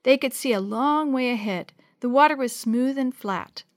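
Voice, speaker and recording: A woman reading a children's adventure story aloud, lively, changing her voice for each child and dropping to a hush for the whispered parts. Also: sits high, normal speed, no echo, clean studio sound. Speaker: storybook narrator.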